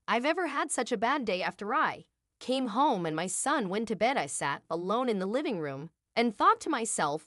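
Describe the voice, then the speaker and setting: A woman's voice: medium pitch, sing-song, moderate pace, fairly bright tone, dry recording, clean studio sound. A woman narrating a first-person drama story in an emotional, dramatic way, full of rhetorical questions.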